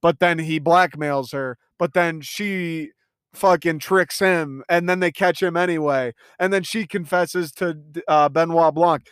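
A man's voice: a little high, steady tone, measured pace, a bit bright, clear, resonant tone, no echo, studio quality. A young man talking through a casual movie review, enthusiastic and rambling, swearing freely.

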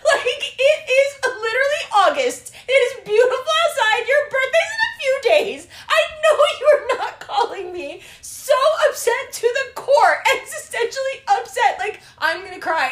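A woman's voice: very high voice, normal speed, few pauses, echoey room. A woman chatting casually, telling stories with swearing and frequent laughter. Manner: animated, profane storytelling with frequent laughter. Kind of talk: casual chat.

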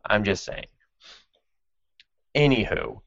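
A man's voice: fairly low pitch, animated, slow, vocal fry, a bit bright, no room sound, muffled recording. A man hosting a podcast who chats casually and sardonically, swearing freely and laughing as he recaps an anime. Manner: sardonic and profane, with frequent laughs. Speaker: podcast host.

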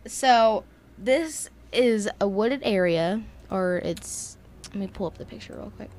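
A woman's voice: mid-range voice, unhurried, darkish tone. A young woman with a Southern US accent co-hosting a podcast, telling ghost stories in a chatty, rambling way. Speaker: podcast co-host. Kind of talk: casual storytelling chat.

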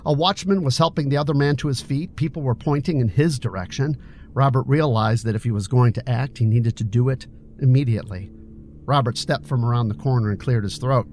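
A man narrating a novel as an audiobook, reading with expressive storytelling. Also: medium pitch, moderate pace, a little hiss or hum. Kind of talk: scripted narration.

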